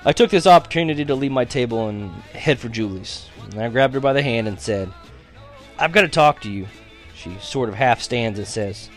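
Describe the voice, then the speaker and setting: Man narrating an expressive story. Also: medium pitch, fairly quick, hardly any pauses, soft background music. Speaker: audiobook narrator. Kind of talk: first-person story narration.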